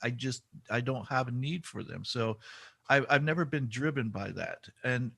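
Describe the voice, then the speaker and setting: A man's voice: medium pitch, normal speed, gravelly, fairly bright tone, breathy edge, dry recording. A man hosting a podcast interview, enthusiastic and a bit rambling, often restarting his sentences. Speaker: podcast host. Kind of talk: casual interview conversation.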